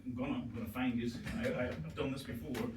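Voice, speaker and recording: A man in his forties with an Irish accent, performing a stand-up comedy set and telling stories in an animated way, often laughing at his own jokes. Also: mid-range voice, a little fast, background noise. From Ireland. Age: 40s. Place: live comedy venue. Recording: roomy live venue, mic far off.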